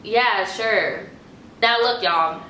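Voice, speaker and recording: Bright-voiced woman telling a profane story. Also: mid-range voice, very slow, slight background noise. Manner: animated, profane retelling with acted quotes. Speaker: vlogger. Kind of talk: casual storytime. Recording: echoey room.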